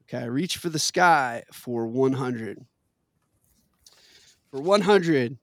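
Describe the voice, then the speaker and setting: A man's voice: medium pitch, animated, slow pace, dry recording. A man hosting a casual trivia game with friends, reading questions aloud and laughing often. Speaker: quiz game host.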